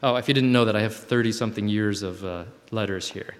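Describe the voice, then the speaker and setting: A man giving a gentle, reflective spiritual talk to a camp group, with playful asides, and reading old letters aloud. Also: lowish voice, quick pace. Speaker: camp speaker. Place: hall with long reverb. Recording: live talk in a reverberant hall.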